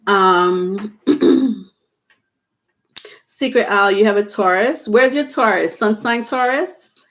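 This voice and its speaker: Halting, rambling woman reading tarot. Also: medium pitch, fairly bright tone. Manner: rambling, halting, many fillers and restarts. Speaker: tarot reader. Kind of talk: casual livestream tarot reading.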